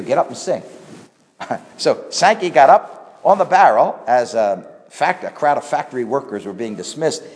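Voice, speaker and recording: A man preaching a sermon, his voice swelling on key points and then dropping low. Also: a little mellow, long reverb tail. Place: church hall.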